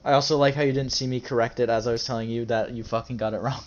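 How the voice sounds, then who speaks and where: A man's voice: mid-range voice, fairly even intonation, rapid-fire, lo-fi sound. A man hosting a casual chat, cursing freely and mocking himself as he talks. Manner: profane, self-mocking, laughs easily. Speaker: channel host.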